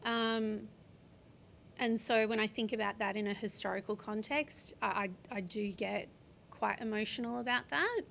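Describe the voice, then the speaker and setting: A woman's voice: on the high side, gravelly, fairly bright tone, a little hiss or hum. Heartfelt woman speaking candidly. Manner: open, heartfelt, speaks slowly in places, occasional swearing. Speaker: podcast guest. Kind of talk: candid interview conversation.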